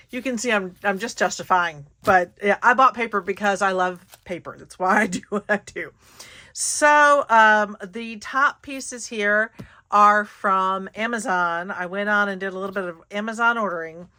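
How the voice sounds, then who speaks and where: A woman's voice: medium pitch, unhurried, sharp tone. A woman hosting her craft channel, chatting casually and giggling through a paper haul with lots of fillers. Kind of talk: casual haul video chat.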